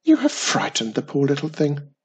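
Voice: mid-range voice, wildly swooping pitch, moderate pace, slightly rough, heavily acted. A reader voicing a young witch in a storybook who scolds her cousin and soothes a baby dragon. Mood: scolding. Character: bossy yet tender young witch woman. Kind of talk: storybook reading.

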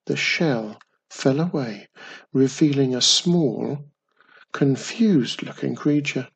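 A storyteller reading a children's tale at an unhurried pace. The voice is deeply gravelly and very raspy, with the rough grain carrying through every line, and the pitch stays in a middle range.

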